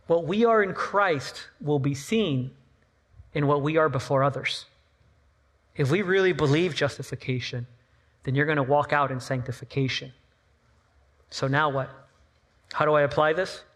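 A middle-aged man, a pastor, preaching a sermon with lively rhetorical questions and personal stories. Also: a little high, moderate pace, long pauses.

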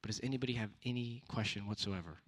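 A man's voice: lowish voice, fast talker. A young man giving a casual youth sermon, conversational with punchy repeated exhortations. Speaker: youth speaker.

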